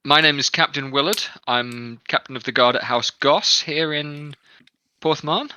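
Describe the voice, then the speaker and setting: A man's voice: fairly high pitch, unhurried, sharp tone, a little hiss or hum, voice pushed up. A man voicing a confident, imposing male captain of the guard who greets people heartily. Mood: hearty.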